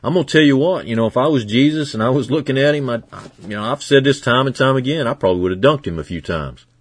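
A man preaching a sermon as pastor, earnest and fervent, moving from hushed passages to loud, emphatic ones. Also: mid-range voice, expressive, fast, slightly rough, dry recording.

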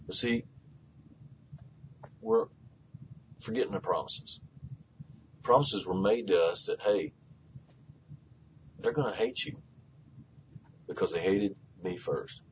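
A man's voice: deep voice, animated, slow pace, long pauses, a little hiss or hum. A man preaching a sermon in a conversational, repetitive way, with many restarts, who rises to fervent emphasis.

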